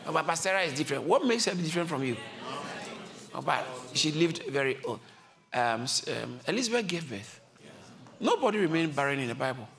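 A man preaches briskly in church, hammering his point through repetition and moving between calm, low-voiced passages and shouted high points, as the live crowd reacts.

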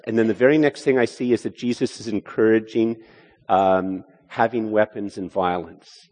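A male preacher giving a sermon, animated and full of restarts as he voices a skeptic's objections. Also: fairly low pitch, unhurried. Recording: hall reverb.

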